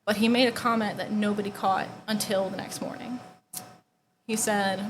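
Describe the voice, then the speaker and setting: A young woman shares a personal testimony in a casual, conversational way, saying "like" constantly and dropping to near-whispers at painful moments. Her mid-range voice has fairly even intonation at a normal pace, over a noisy background.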